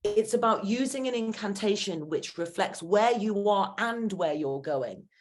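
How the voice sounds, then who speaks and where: A woman's voice: medium pitch, lively intonation, unhurried. A woman, a guest speaker and confidence coach talking earnestly and encouragingly in a podcast interview. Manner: earnest, encouraging, acts out inner voices.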